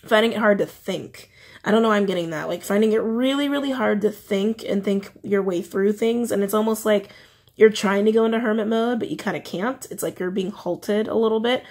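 A woman's voice: mid-range voice, a little fast, a little mellow. A woman giving a casual tarot reading, chatty, often repeating her phrases. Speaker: tarot reader.

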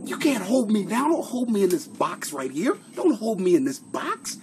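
A man putting on a brash, swaggering character who insists he can't be held down, in a loud, boastful, hammed-up delivery. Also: high voice, sing-song, normal speed, noisy background, voice pushed up.

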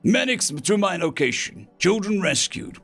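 A man's voice: high-pitched, big pitch swings, a little slow, creaky, a bit bright, breathy edge, faint music behind, voice pushed up, heavily acted. A man voicing a weary, wounded male space marine corporal who speaks in short, clipped commands. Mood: grim.

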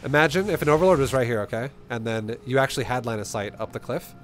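A young man in an average pitch coaching a player through a replay, loose and casual. He swears freely, laughs easily and acts out little scenes to make his point. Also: animated, fast talker, a little hiss or hum. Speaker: StarCraft coach.

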